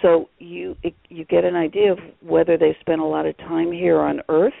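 A man's voice: on the high side, little pitch movement, normal speed, creaky, dry recording. A man talking as an author guest on a radio interview, rambling with many fillers over a phone line.

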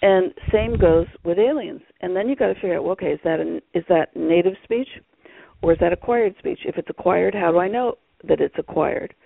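A man's voice: high voice, fairly quick, vocal fry, no room sound. A man talking as an author guest on a radio interview, rambling with many fillers over a phone line.

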